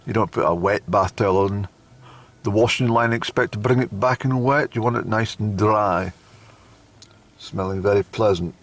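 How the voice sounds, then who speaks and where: Male vlogger, low gravelly voice, casual self-deprecating outdoor chat. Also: moderate pace. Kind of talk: rambling casual monologue. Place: outdoors in a car park.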